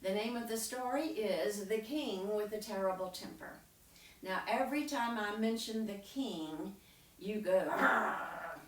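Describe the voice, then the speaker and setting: A woman storyteller telling a story to children in an animated way and leading them in sound effects, recorded from a distance in a roomy space. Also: mid-range voice, unhurried. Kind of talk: live storytelling with audience participation.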